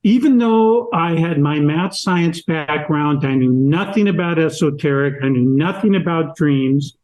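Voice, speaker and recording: An older man, a podcast guest and author, telling anecdotes slowly and deliberately in an interview. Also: fairly high pitch, darkish tone, rough recording. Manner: slow, deliberate anecdotal storyteller. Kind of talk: storytelling in an interview.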